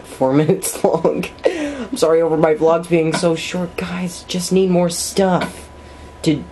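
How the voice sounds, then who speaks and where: A let's play gamer and vlogger in casual gameplay commentary, giggly, rambling and apologetic, with sudden high yelps. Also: darkish tone, slight background noise.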